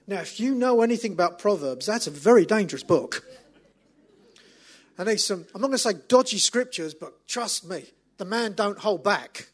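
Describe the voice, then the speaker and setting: A middle-aged man, preaching a sermon as an animated, self-mocking storyteller. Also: high-pitched, normal speed.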